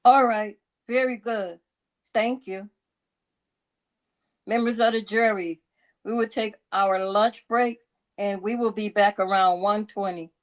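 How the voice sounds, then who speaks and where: A woman's voice: mid-range voice, steady tone, slow pace, pauses often. A woman co-hosting a livestream from her computer who reads the witness's short answers from a court transcript and chats loosely with her co-host. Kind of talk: reading witness answers from a transcript, then casual chat.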